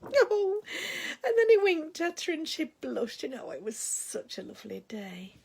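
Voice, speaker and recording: A woman's voice: sits high, sing-song, a little slow, a little mellow, exaggerated voice. A woman playing a gossipy, sentimental older village lady in a comic monologue, with a chatty, rambling way of talking. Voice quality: very breathy, husky voice.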